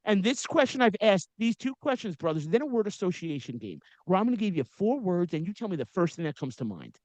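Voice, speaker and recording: High-voiced man, slangy podcast host. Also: very animated, fast talker, darkish tone, dry recording. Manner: storytelling with frequent slang and asides. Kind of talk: casual interview chat.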